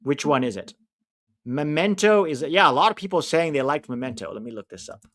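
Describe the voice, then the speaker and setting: A man with a fairly high, fairly bright voice talks briskly and with lively intonation as he hosts a livestream watch-along, chatting casually and reading viewer comments. He rambles, tosses out easy opinions, and often loses track of names mid-sentence, coming across as opinionated and easygoing.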